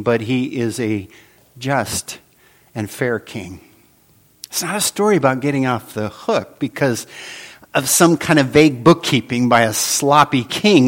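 Guy preaching a sermon, slow and deliberate, voice jumps all over, loud then hushed. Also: fairly high pitch. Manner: dramatic, swings between loud emphasis and hushed drops. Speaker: pastor.

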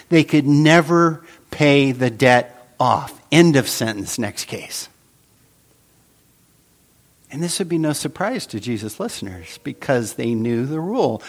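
Guy preaching a sermon, slow and deliberate, voice jumps all over, loud then hushed. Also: fairly high pitch, animated. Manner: dramatic, swings between loud emphasis and hushed drops. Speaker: pastor.

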